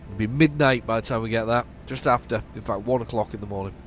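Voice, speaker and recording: A man's voice: lowish voice, fast, slight background noise. Rambling northern English man gaming. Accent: flat northern English. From northern England. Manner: rambling and chatty, trails off in repeated restarts. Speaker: gaming channel host. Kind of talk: casual let's-play commentary.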